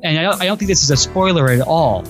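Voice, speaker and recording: A man's voice: fairly high pitch, lively intonation, fast talker, soft background music. A man co-hosting a podcast in casual chat, enthusiastic and rambling, often restarting his sentences. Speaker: podcast co-host.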